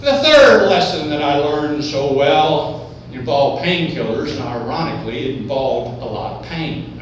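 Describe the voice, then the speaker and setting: Man, high lively voice, comic storyteller playing it up, heard from afar in an echoey hall. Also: unhurried. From Oklahoma. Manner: animated, playfully exaggerating. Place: event hall, indoors. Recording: echoey hall, distant mic, background noise.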